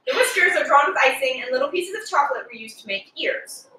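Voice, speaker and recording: A woman's voice: high-pitched, animated, quick pace, bright, forceful tone, a little hiss or hum. Giggly woman reading a game aloud. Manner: giggly, sarcastic. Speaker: game streamer. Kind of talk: reading game narration aloud with joking asides. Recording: echoey room, far from the mic.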